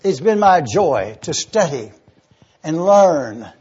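Husky, high-voiced preacher teaching. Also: male voice, big pitch swings, slow, darkish tone, dull audio. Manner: spells out words letter by letter; enthusiastic teaching. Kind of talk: sermon with word study.

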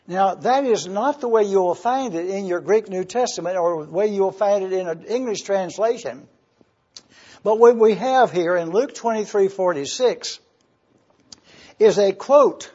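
A man preaching a sermon in a church, teaching slowly and emphatically and spelling out words for his congregation. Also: sits high, a little mellow, slightly rough, dull audio. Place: church hall with a screen.

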